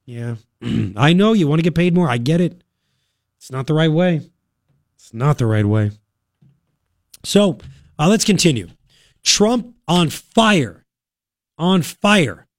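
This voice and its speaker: A man's voice: a little high, no room sound, clean studio sound. Emphatic male talk radio host. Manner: emphatic, argumentative, talks to the listener directly. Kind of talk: opinionated talk radio commentary.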